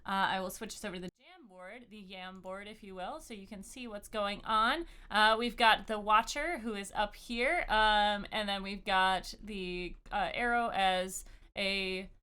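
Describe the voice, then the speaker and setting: A woman's voice: medium pitch, measured pace, sharp tone, clean tone. A woman hosting a live-streamed tabletop game as dungeon master, giggly and rambling, often stopping mid-sentence. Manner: giggly, rambling, self-interrupting.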